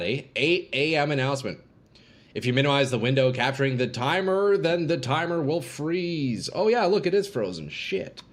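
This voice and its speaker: A man streaming a game live, chatting casually with viewers and reading their messages aloud, with sudden bursts of hype, on a desk microphone at his home gaming setup. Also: mid-range voice. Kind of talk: live-stream commentary while playing.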